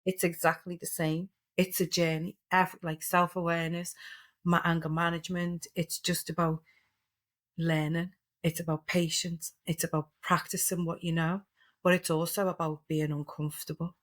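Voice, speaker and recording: Earnest middle-aged woman coach, lowish voice with little lift, practical examples. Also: flat delivery, moderate pace. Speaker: therapeutic coach, podcast guest. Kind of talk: reflective interview talk.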